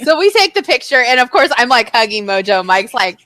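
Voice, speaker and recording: A young woman co-hosting a podcast tells a story in casual chat, her voice a little high and fairly quick. She's animated, acting out what people said and swearing freely.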